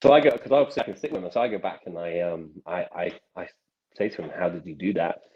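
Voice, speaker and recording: A young man, a magician telling stories from his life as a podcast guest, with animated delivery and frequent restarts. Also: sits low, quick pace. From England. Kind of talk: casual podcast storytelling. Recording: dull lo-fi sound.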